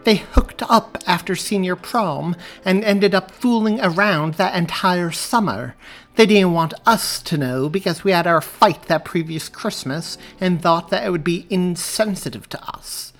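A man's voice: on the high side, big pitch swings, moderate pace, faint music behind, voice pushed up. A man voicing a sarcastic pregnant young woman. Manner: sharp, sarcastic.

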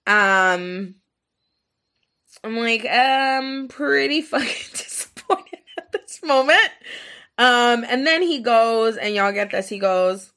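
A woman's voice: fairly high pitch, takes it slowly, pushed and bright. A young woman hosting a podcast, telling a story in casual, frank, profane talk full of filler words. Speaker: podcast host.

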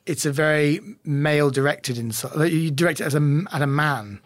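A man hosting a podcast in relaxed, chatty conversation, laughing often. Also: on the high side, moderate pace. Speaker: podcast host. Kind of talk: casual chat.

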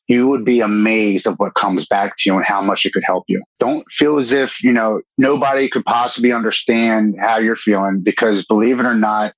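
A man's voice: fairly low pitch, a bit bright, no room sound, poor audio. A man from Baltimore, a guest in an interview, talking candidly and earnestly, now and then swearing in a casual way. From Baltimore, Maryland.

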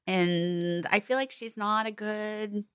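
Woman, middle-aged, casual podcast chat, animated, exclamatory, dry close sound. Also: medium pitch, clear, resonant tone, dry recording. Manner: animated, exclamatory, with drawn-out stresses. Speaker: podcast co-host.

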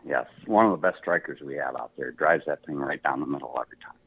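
A middle-aged man, a golf pro guest, telling casual stories with a relaxed, laughing manner. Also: very deep voice, quick pace, vocal fry, slightly rough. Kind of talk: casual storytelling. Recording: tinny phone-like line.

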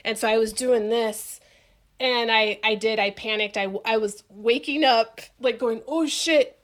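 A woman telling a story in casual chat, animated and profane, acting out other people's voices. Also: on the high side, measured pace.

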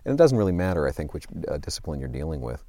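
In a conversational interview, a man in his sixties rambles through stories about his career, self-deprecating and full of fillers and restarts. His voice is extremely low, with big pitch swings and a warm tone, and he talks very fast. There's no echo.

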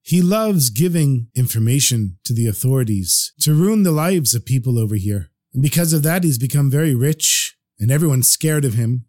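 A man's voice: mid-range voice, lively intonation, moderate pace, hardly any pauses, warm tone, no echo, clean studio sound, natural voice. A man voicing a nervous ordinary townsman in a told story. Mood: worried.

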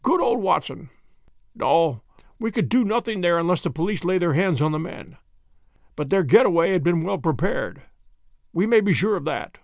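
Man doing a battered detective in a storybook reading, hoarse weak mutter, scheming calm, dry close sound. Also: high-pitched, moderate pace, no echo, heavily acted. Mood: weak, wry. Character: injured, weakened male detective, calm and scheming.

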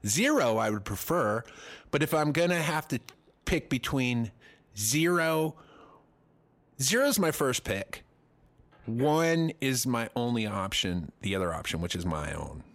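A man's voice: medium pitch, expressive, measured pace, fairly bright tone. A man in his forties, co-hosting a casual comedy chat, rambling and self-deprecating with crude jokes. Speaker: podcast co-host.

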